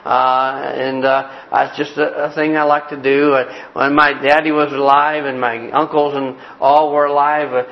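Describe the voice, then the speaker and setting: A man's voice: medium pitch, little pitch movement, measured pace, few pauses, lo-fi sound. A man preaching a sermon in a folksy, joking way, repeating his key phrases. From Cleveland, Ohio. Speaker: pastor.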